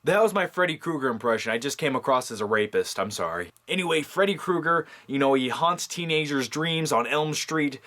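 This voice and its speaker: A man's voice: a little high, expressive, a little fast, few pauses, sharp tone. Jokey, rambling man talking movies. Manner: jokey, rambling, with many fillers. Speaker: movie vlogger. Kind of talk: casual comedic movie talk.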